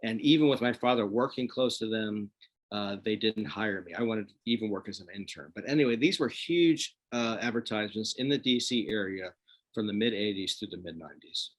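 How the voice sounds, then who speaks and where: A man in casual chat, an animated storyteller who laughs often, from the Washington DC area. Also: lowish voice, a little fast. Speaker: guest.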